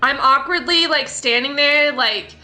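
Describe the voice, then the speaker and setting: Giggly high-voiced young woman player. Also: measured pace, sharp tone, faint music behind. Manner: giggly, hesitant, many likes. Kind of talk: casual tabletop play.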